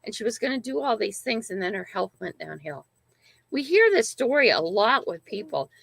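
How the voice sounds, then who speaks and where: A woman's voice: fairly high pitch, sing-song, normal speed, gravelly, a bit bright. An older woman hosting a casual livestream, telling a family story in a rambling, emphatic way and often checking in with "right?". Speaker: channel host.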